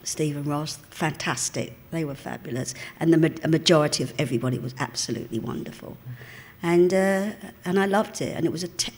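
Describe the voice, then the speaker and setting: A woman's voice: low voice, fairly quick, a little mellow. An older woman in her seventies from the East End of London with a Cockney accent, telling anecdotes in a live on-stage interview and acting out the voices of the people she quotes. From East End of London, England. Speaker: guest actress. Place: cinema auditorium before an audience.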